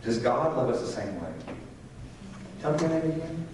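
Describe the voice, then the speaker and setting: A man's voice: medium pitch, expressive, moderate pace, background noise. An older man teaching a parents' Sunday school class in a conversational way, often asking the class questions. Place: church classroom. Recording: echoey room from far off.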